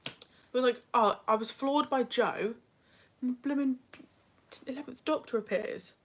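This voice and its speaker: A woman's voice: sits high, normal speed. A young British woman hosting a casual livestream, reading chat and talking with self-deprecating asides. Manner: chatty, self-deprecating, drifts into whispers.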